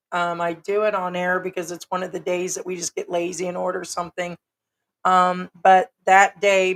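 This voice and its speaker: A middle-aged woman from the United States, hoarse and raspy from being sick, hosting a casual livestream chat in a frank, rambling way. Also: fairly low pitch. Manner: rambling, frank, with many ums. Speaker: livestream host.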